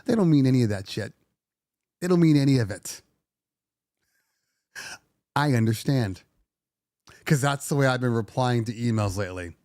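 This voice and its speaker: Animated man venting on his show. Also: mid-range voice, moderate pace, long pauses, no echo, studio quality. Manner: animated, venting with sarcastic voices. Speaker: DJ podcast host. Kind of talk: casual livestream talk.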